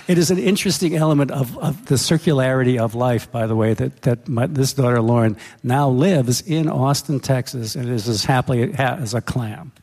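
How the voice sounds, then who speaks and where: A middle-aged male author telling a humorous story in a rambling, self-correcting way, with a gravelly voice. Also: medium pitch, moderate pace, hardly any pauses, darkish tone. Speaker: author guest. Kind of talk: storytelling interview talk. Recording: hall reverb.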